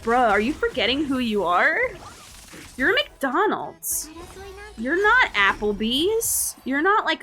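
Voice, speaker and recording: A woman VTuber streamer rants in casual live-stream chat, reading her chat aloud and using slang, often saying "bruh." Her voice is a little high, pushed, and bright.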